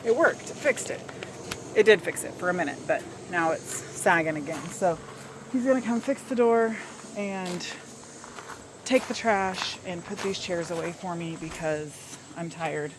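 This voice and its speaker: A woman's voice: on the low side, a little slow, noisy background. A woman with a Southern US accent, chatting casually to camera as a vlogger and rambling along with small laughs.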